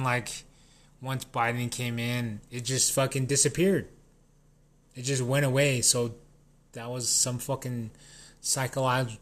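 Man ranting, swearing, rambling. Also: medium pitch. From New Mexico. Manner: swears constantly, rambling, restarts sentences. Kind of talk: casual profane rant.

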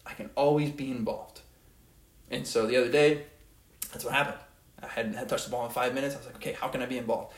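A man's voice: mid-range voice, fairly even intonation, quick pace. Young man, earnest, rambling, repeats himself, motivational monologue, echoey room. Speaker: podcast host.

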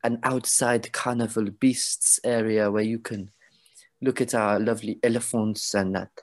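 A man's voice: fairly low pitch, level tone, a little slow, no room sound, lightly acted. A man voicing a showy male event spokesperson who introduces the acts with theatrical announcer patter. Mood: grandiose.

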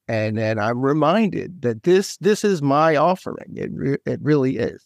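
A man's voice: medium pitch, unhurried, dry recording, studio quality. A man, a guest author, in casual faith talk, speaking eagerly and in scattered bursts with many restarts.

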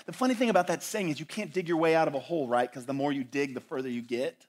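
A man preaching a sermon as pastor, swinging from loud, dramatic lines to hushed ones and asking his listeners rhetorical questions. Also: on the high side, quick pace, few pauses. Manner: asks the audience rhetorical questions.

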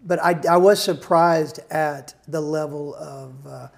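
A man's voice: a little high, fairly even intonation, slow pace, gravelly. A male songwriter in a casual interview, rambling through stories with restarts and self-deprecating humor.

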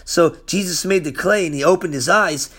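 A man's voice: high voice, normal speed, a bit bright, husky. A man teaching from the Bible in a casual, slangy way. He is hyper and acts out the characters as he goes. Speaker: preacher.

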